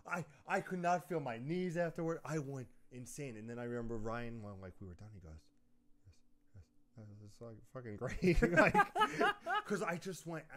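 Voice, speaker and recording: A young man telling lively stories in a casual chat, often laughing mid-sentence. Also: mid-range voice. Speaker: podcast co-host.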